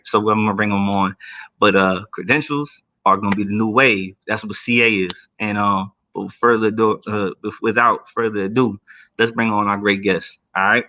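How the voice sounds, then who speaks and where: A man hosting a casual livestream, joking and slangy, doing high voices when he quotes people. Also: fairly even intonation, normal speed, pushed and bright. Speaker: livestream host, Army career counselor.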